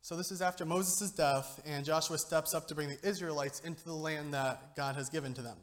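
A man's voice: on the high side, steady tone, fairly quick. Joking young man giving a sermon. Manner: joking, conversational, keeps asking "okay?". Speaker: lay speaker giving a youth sermon. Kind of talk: informal sermon.

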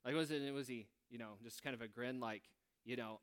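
Smooth-voiced man teaching scripture casually. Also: mid-range voice, steady tone, brisk, hardly any pauses. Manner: conversational, musing aloud, wry asides. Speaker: preacher or Bible teacher. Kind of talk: informal Bible teaching.

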